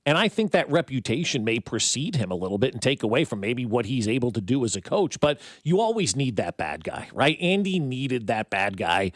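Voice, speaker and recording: A man's voice: medium pitch, big pitch swings, fairly quick, hardly any pauses, no room sound, studio quality. A man co-hosting a sports talk radio show, laying out his opinion in long, reasoned stretches. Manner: agreeable, explains in long reasoning runs. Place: radio studio. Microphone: studio microphone.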